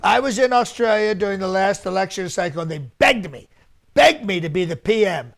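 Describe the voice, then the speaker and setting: A man's voice: high-pitched, lively intonation, fairly quick, gravelly, a bit bright, full character voice. A male comedian impersonating a boastful, rambling older male politician at a mock press conference, repeating himself and bragging. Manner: bragging, repetitive, rambling asides. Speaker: comedian doing an impression.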